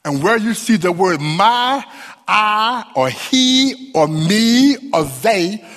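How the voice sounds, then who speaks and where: A man's voice: high voice, lively intonation, slow pace, fairly bright tone, in a large hall, soft background music. A man preaching a sermon, emphatic, with repeated phrases and sung rises on key words. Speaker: pastor.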